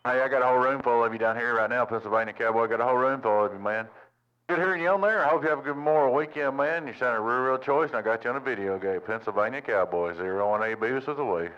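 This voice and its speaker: A man's voice: medium pitch, fast talker. A man from Tennessee, chatting on CB radio in a friendly way and repeating his sign-off. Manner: friendly, repetitive call-sign sign-offs. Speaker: CB radio operator. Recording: lo-fi radio with static.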